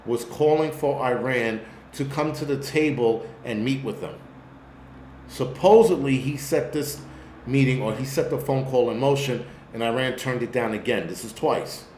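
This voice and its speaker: A man's voice: medium pitch, moderate pace, darkish tone, reverberant, a little hiss or hum. Blunt, profane New York man ranting. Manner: blunt, profane, rambling rant. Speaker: host. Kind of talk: live-stream commentary.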